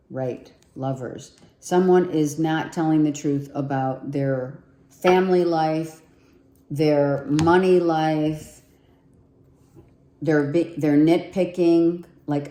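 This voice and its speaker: A low-voiced woman talks slowly through a tarot reading, repeating herself and thinking aloud as she pulls cards. Her tone is mellow and her voice is nearly gone. The room around her is echoey. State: losing her voice. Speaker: tarot reader. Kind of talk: casual tarot reading to viewers.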